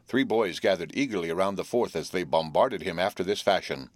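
A man narrating an audiobook in a measured storytelling manner. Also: low-pitched, no echo.

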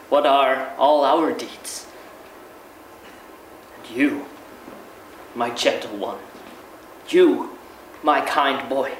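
A man reading the part of a gentle, loving old monk elder in a slow, tender, solemn way. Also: a little high, slight background noise. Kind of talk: dramatic reading. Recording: echoey room, mic far off.

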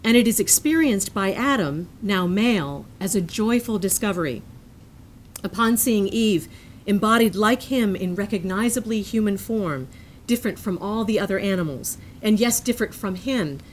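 A woman reading a prepared lecture aloud in a measured, earnest manner, sometimes breaking off into self-amused asides. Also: medium pitch, lively intonation, a little hiss or hum.

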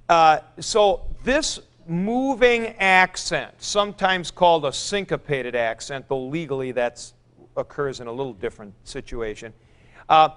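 A man lectures a classroom on Greek grammar at an unhurried pace. His voice sits a little high and comes through smooth and clear. He chants word forms aloud and stops to answer students. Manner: lively, chanting noun forms aloud, taking student questions.

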